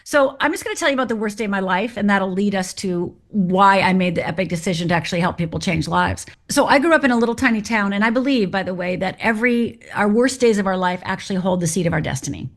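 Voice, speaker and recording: A woman's voice: mid-range voice, fast talker, hardly any pauses. A middle-aged woman from Upper Michigan, a guest on an interview show, telling her life story in a candid, direct and wry way.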